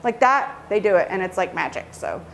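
A woman photographer giving a casual tutorial, chatty and lively as she acts out how kids react. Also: medium pitch, brisk, gravelly. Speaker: children's portrait photographer.

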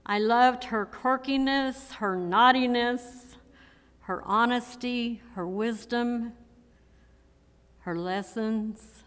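Slow-speaking woman in her sixties giving a eulogy. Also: a little high, a bit bright. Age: 60s. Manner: slow, emotional, measured delivery with repeated phrases. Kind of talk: memorial eulogy. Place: church sanctuary. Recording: long church hall reverb.

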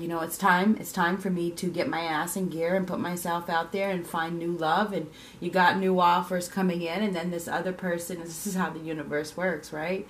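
A woman's voice: lowish voice, a bit bright, a little hiss or hum. Chatty woman giving a tarot reading. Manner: chatty, repeats herself, acts out quoted reactions. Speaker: tarot reader. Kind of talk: casual tarot reading monologue.

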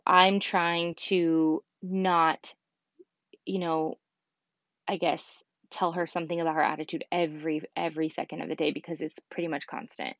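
A woman in her thirties hosts a casual solo podcast, speaking candidly and chattily with plenty of fillers. Her voice is on the low side, with no echo, heard through a dull lo-fi podcast mic.

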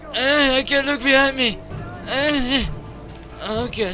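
A young man frantically commenting on a horror game he is playing, swearing and yelling at what happens on screen. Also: very high-pitched, slow pace. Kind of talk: frantic let's-play commentary. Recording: game music loud behind the voice.

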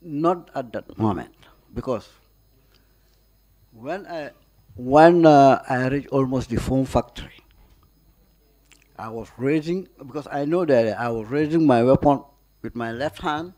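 A man with a Gambian accent testifying at a formal hearing, answering questions haltingly with frequent pauses and restarts. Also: mid-range voice, dark tone. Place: hearing room.

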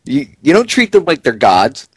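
A man hosting a talk radio show, giving excitable, indignant commentary and reading a story aloud with chuckles. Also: mid-range voice, moderate pace, husky, no echo.

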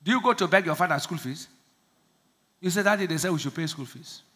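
A man's voice: on the high side, fast, bright, forceful tone. A man preaching a sermon as pastor, laughing often and calling out for the congregation to answer back. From Nigeria. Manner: laughing, call-and-response preaching; acts out prayers in small voices.

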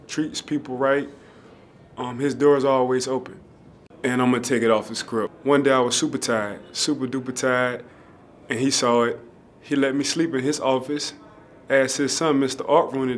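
A man's voice: mid-range voice, slight background noise. A young adult man, a pro football player, giving an earnest, emotional spoken tribute, repeating phrases as he holds back tears.

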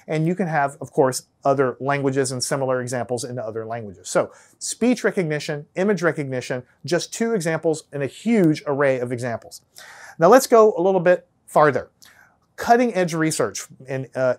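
A man with a Texan American accent teaching a lesson in a casual, conversational way, often checking in with "right?" and restarting his phrases. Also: fairly high pitch. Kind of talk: casual whiteboard lecture.

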